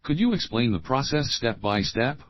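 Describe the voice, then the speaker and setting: An English teacher with a mid-range voice and big pitch swings works through sample questions for learners, saying each opening phrase, repeating it, then reading the whole question slowly and clearly. The audio sounds dull, with a little hiss or hum.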